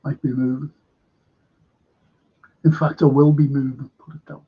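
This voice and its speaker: A man's voice: mid-range voice, little pitch movement, moderate pace, breathy edge. An older man with a Liverpool accent, hosting a casual live football chat stream in a rambling, blunt way, swearing freely. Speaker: host. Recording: dull lo-fi stream audio.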